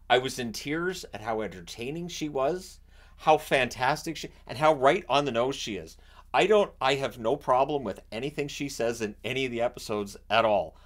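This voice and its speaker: A man from Canada chatting casually about a reality show he watches, animated and often restarting his sentences. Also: mid-range voice. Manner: animated, acts out quotes in raised voice; repeats and restarts words often. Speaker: vlogger. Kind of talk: casual chat.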